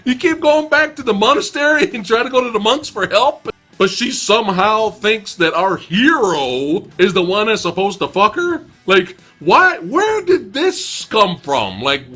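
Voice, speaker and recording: A man's voice: sits high, pushed and bright. A young man giving a casual, profane, sarcastic movie review.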